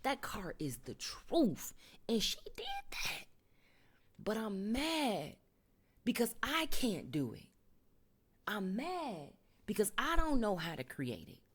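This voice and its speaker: A woman's voice: mid-range voice, huge pitch swings, takes it slowly, husky, heavily acted. A woman voicing a jealous, cussing cousin. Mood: grudging. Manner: blunt, profane, slangy muttering. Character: resentful jealous young woman griping about her cousin.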